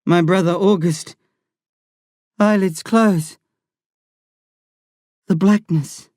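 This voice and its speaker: Slow, low-voiced woman narrating a story. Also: darkish tone, dry recording, clean studio sound. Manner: slow, tense, dramatic reading. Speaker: audiobook narrator. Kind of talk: scripted first-person narration.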